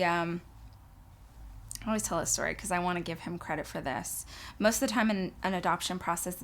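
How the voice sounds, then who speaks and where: A woman sharing a personal faith testimony in an earnest, emotional way, often halting and restarting her sentences. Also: lowish voice, a bit bright.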